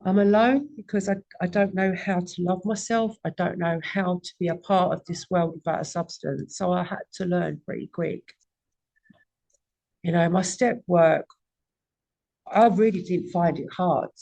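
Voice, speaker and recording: A woman's voice: on the low side, a little mellow. A woman in her forties giving a raw, candid personal testimony at a recovery meeting and swearing often.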